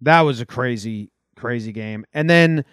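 A man's voice: medium pitch, measured pace, fairly bright tone, clean tone, dry recording, studio quality. A man co-hosting a podcast, chatting about sports in an easygoing, laid-back way. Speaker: podcast co-host. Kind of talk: casual sports chat.

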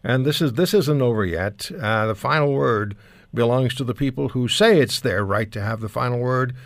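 A man's voice: medium pitch, moderate pace, vocal fry, no echo. A man hosting a talk show, speaking in a conversational, musing way. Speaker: host.

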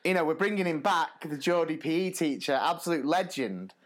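A man co-hosting a podcast, a primary school teacher telling stories in a casual, animated way and laughing through them. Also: a little high, a little fast. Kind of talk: casual storytelling chat.

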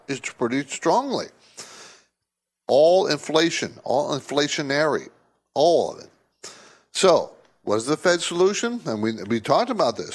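A man hosting a call-in finance talk show, speaking emphatically and conversationally, often repeating himself for stress. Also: a little high. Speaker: radio show host.

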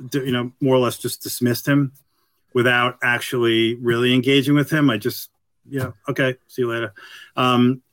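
A man's voice: mid-range voice, a bit bright, no echo. A middle-aged man, a retired police detective, tells a story as an interview guest. He rambles, stops and restarts, and fills his speech with "you know". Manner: rambling and halting, full of "you know" fillers.

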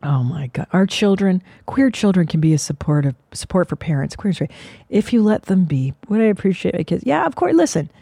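A woman's voice: fairly low pitch, very animated, a little fast, creaky, dark tone, slightly rough, no echo, clean studio sound. A middle-aged woman hosting a podcast, ranting bluntly and sarcastically with lots of swearing. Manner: profane, blunt, sarcastic rants. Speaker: podcast host. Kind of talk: casual podcast chat.

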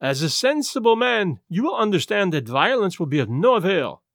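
A man voicing a small, placid detective who speaks gently and precisely. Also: high-pitched, sing-song, moderate pace, gravelly, no echo, clean studio sound, exaggerated voice.

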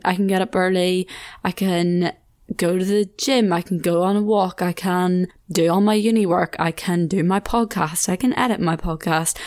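Young southern Irish woman hosting a chat podcast, lowish voice, chatty with quick asides. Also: a little mellow. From Ireland. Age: 20s. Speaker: podcast host. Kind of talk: casual solo chat.

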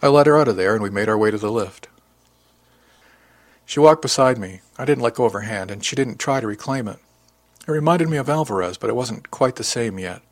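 A man reading a first-person novel as an audiobook narrator, measured and close to the mic. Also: medium pitch, animated, no echo.

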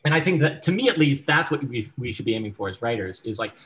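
A man who writes screenplays, speaking as a guest in a casual interview, relaxed and frank, who swears casually and keeps checking in with "right?". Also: medium pitch, fast, poor audio.

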